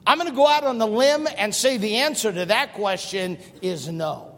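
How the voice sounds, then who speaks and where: A middle-aged man preaching a sermon as pastor, animated and emphatic, firing off rhetorical questions and repeating for emphasis. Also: high-pitched, moderate pace. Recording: long reverb of a large hall.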